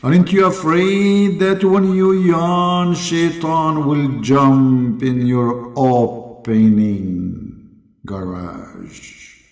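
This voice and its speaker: A deep, slow mock-solemn deity who drones out every word like a decree, as a man puts him on. The voice sits low and quiet and stretches each phrase out. The drawn-out delivery gives it a heavy, pompous weight. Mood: droning.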